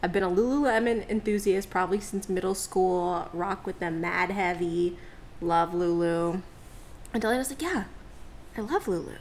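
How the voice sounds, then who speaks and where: A woman's voice: lowish voice, moderate pace, a little hiss or hum. A young woman co-hosting a podcast, telling a story in casual slang and laughing often. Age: young adult. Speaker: podcast co-host. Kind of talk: casual chat.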